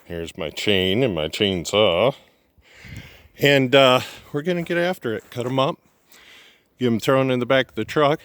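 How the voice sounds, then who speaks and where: A man's voice: medium pitch, expressive, measured pace, pauses often, a bit bright, no echo, studio quality. A man hosting a casual outdoor vlog from snowy woods, rambling and folksy with lots of ums, a bit out of breath, recorded on a phone. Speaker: channel host. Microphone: phone camera.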